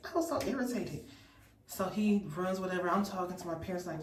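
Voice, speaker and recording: Animated woman telling a storytime. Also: on the low side, fast talker, echoey room, recorded from a distance, slight background noise, poor audio. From Memphis, US. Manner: animated, incredulous, chatty retelling. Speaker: vlogger. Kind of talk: storytime vlog.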